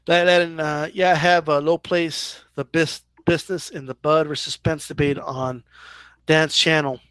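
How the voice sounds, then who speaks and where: A man's voice: on the high side, steady tone, normal speed, a bit bright, clean tone, no echo. A man hosting a casual live Q&A about boxing, chatty and loose, full of "like" and "right?" as he answers viewer questions. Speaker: boxing channel host.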